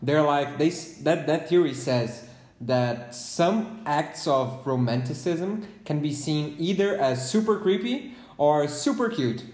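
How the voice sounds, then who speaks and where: A young woman in a relaxed, teasing casual chat. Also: low voice, slow, reverberant.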